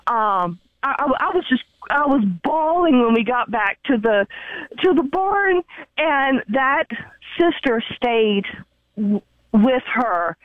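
A woman's voice: high-pitched, animated, takes it slowly. A woman caller, telling a story in a chatty, emotional way with many ums and restarts. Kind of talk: phone-in storytelling. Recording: dry, dull phone line.

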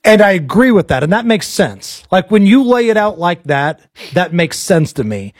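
An American man with a high, light voice hosts a political talk show. He is blunt and opinionated and fires off animated bursts of talk. The sound is dry and close. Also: moderate pace, no room sound.

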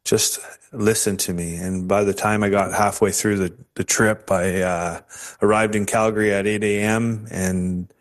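A man's voice: lowish voice, little pitch movement, normal speed. A man from Canada telling his conversion story as an interview guest, earnest and emotional, with many restarts. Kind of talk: personal faith testimony.

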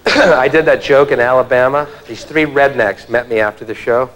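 A man's voice: mid-range voice, lively intonation, a little fast, hardly any pauses, low-quality recording. A male stand-up comedian with a wry, conversational delivery, performing live. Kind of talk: stand-up routine. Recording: live show with crowd laughter.

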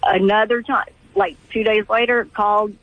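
A middle-aged woman calling in to a radio show, telling a family story in halting, restarting sentences. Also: medium pitch, dry recording. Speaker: caller. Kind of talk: call-in radio conversation. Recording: tinny phone line, dry.

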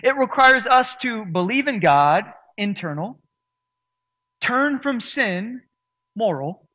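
A man delivers a sermon to his congregation with a noticeably high voice. He preaches earnestly, leaning on certain words for emphasis. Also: animated, measured pace, pushed and bright. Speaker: pastor.

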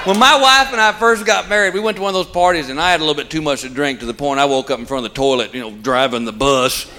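A man's voice: a little high, quick pace, noisy background. A man doing a folksy stand-up routine, stretching out his punchlines. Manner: folksy storytelling with a drawled punchline. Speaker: stand-up comedian. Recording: live show with loud audience.

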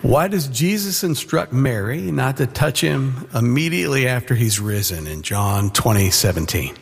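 Man from Florida, gravelly and husky audience questioner, polite and direct, long hall reverb. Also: medium pitch, expressive, normal speed. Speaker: audience member asking a question.

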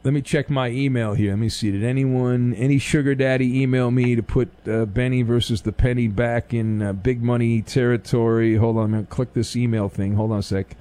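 A man hosting a call-in sports radio show, answering callers in a deadpan, sarcastic way. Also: mid-range voice, a little fast, hardly any pauses. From Orange County, California. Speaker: radio host.

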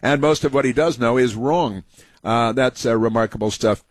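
A man's voice: medium pitch, moderate pace, dry recording. A man hosting a political talk radio show, rambling with many fillers and restarts.

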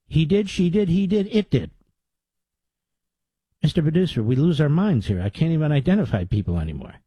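A man's voice: on the high side, sing-song, fairly quick, dark tone, slightly rough, no room sound, lo-fi sound. A man hosting a talk radio show, delivering a combative, sarcastic monologue into a studio mic.

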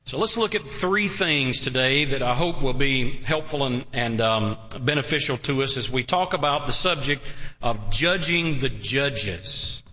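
A pastor delivering a sermon in a church, his voice bright and ringing with a long hall reverb behind it. He preaches at a slow, deliberate pace, stretching key words and tossing rhetorical questions to the congregation. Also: mid-range voice, lively intonation. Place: church sanctuary.

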